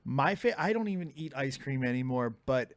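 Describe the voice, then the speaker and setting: A man's voice: mid-range voice, animated, normal speed, no room sound, clean studio sound. A man hosting a livestream in casual chat, crude and joking with his co-hosts. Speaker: livestream host.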